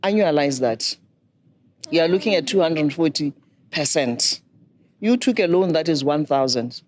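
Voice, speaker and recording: A middle-aged woman, a banking expert giving measured, instructive advice. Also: low voice, expressive, darkish tone. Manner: measured, instructive, poses questions to listeners. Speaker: banking and microfinance expert guest. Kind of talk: explanatory advice talk.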